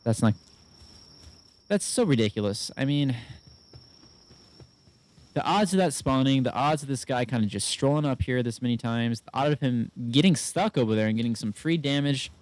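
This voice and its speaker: A man's voice: mid-range voice, moderate pace, darkish tone. Frustrated swearing gamer man. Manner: frustrated, swears often, talks to himself while playing. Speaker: gaming YouTuber. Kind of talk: casual let's-play commentary.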